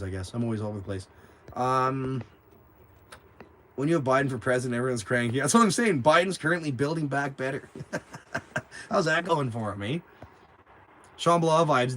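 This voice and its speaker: Young guy rambling on a livestream, talks fast, swears a lot, acts out quotes loud. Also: medium pitch, a little hiss or hum. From Canada. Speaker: livestream host. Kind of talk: casual livestream chat.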